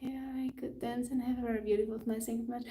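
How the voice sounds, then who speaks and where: A woman's voice: a little high, level tone, fast talker, mellow, far from the mic, slight background noise. Upbeat Austrian woman in an echoey room. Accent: Austrian German. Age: young adult. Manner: chatty and upbeat, laughs often, switches between English and German. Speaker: fitness trainer and live stream host. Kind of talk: casual live-stream chat answering comments.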